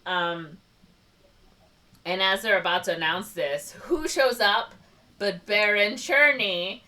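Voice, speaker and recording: Slow and far from the mic, a woman co-hosts a podcast in a medium-pitched voice that comes across pushed and bright. Her rambling movie recap is packed with "like" and "whatever."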